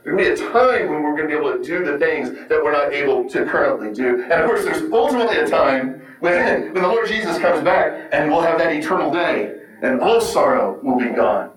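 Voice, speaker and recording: A man's voice: a little high, expressive, brisk, few pauses, a crowd in the background. A man preaching a sermon in an earnest, conversational teaching manner, often repeating words and asking rhetorical questions. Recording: echoey room, mic far off.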